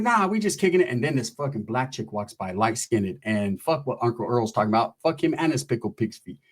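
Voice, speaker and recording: A man from California telling a profane story and acting out the people in it with animated voices. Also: medium pitch, husky. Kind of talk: storytelling stand-up.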